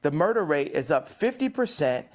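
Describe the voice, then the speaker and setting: An American man argues hard in an interview, his voice sitting a little high. He pushes back when cut off and repeats phrases to hold the floor. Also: sing-song, normal speed. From United States. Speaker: interview guest. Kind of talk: heated interview debate.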